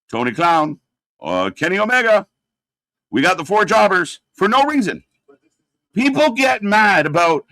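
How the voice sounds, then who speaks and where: A man's voice: on the high side, very animated, moderate pace, pushed and bright, no room sound. A man hosting a live watch-along, reacting and critiquing in a rambling, exasperated way with lots of fillers. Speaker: host.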